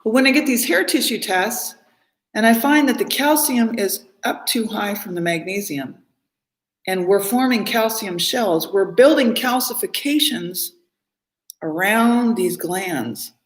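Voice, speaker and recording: A woman's voice: mid-range voice, expressive, a little slow. A woman in a casual live stream monologue, talking at length in a rambling, emphatic way and often repeating her words. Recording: roomy echo.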